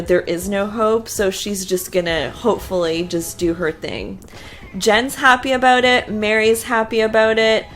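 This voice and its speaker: Chatty woman recapping a TV show. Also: medium pitch. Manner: chatty, opinionated, lots of fillers. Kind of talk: casual TV recap and reaction.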